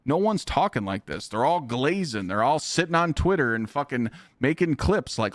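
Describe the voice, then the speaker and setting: A man's voice: mid-range voice, expressive, normal speed, few pauses, dry recording, clean studio sound. A man streaming live, ranting bluntly and heatedly with lots of swearing.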